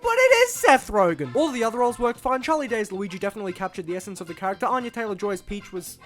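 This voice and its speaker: A man narrating a comedic video essay as a film reviewer, sarcastic and animated. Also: high-pitched, rapid-fire, soft background music.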